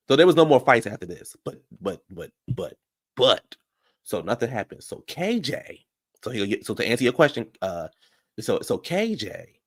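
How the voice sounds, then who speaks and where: A man's voice: lowish voice, no room sound, clean studio sound. A man hosting a reality-show recap channel, telling a story casually and animatedly to his viewers, calling them "y'all". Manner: animated, chatty, addresses viewers as "y'all" and "baby".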